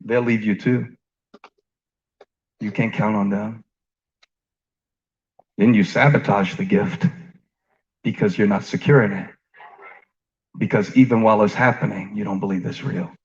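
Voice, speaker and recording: A man preaching a conversational sermon. He asks the congregation questions, jokes with them, and shifts between quiet stretches and rising emphasis. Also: on the low side, steady tone, a little slow, long pauses. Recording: dull lo-fi sound.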